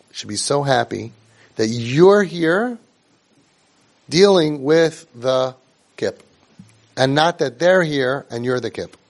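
A middle-aged man speaking in a middle pitch, teaching a group of young people with earnest conviction. He presses his points with rhetorical questions and repeated phrases. Hebrew and Yiddish religious words run through his speech. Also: darkish tone. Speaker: family support trainer. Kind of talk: instructive talk to a group of young siblings.

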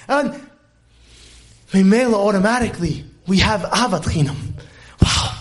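A man with a very high-pitched voice delivers a live Torah lecture. He repeats phrases for emphasis and exclaims often. His delivery swings between hushed passages and shouted stresses. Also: normal speed. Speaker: Torah teacher.

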